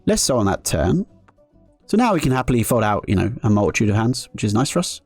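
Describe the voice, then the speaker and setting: A man's voice: fairly low pitch, sing-song, fast talker, no echo, soft background music. A man commentating his own live poker play on stream, joking sarcastically at his own expense between strategy talk. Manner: self-mocking, sarcastic joking.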